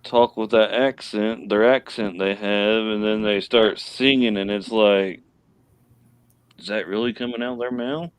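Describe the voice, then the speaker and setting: A man's voice: on the low side, fairly even intonation, measured pace, smooth, dry recording. A man chatting casually on a live stream, hesitant and searching for his words. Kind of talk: casual chat.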